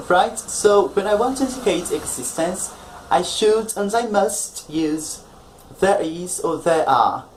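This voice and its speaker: A man's voice: a little high, lively intonation, measured pace, a little hiss or hum, low-quality recording. Male online English tutor; patient, explanatory, checks in with viewers constantly. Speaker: English teacher.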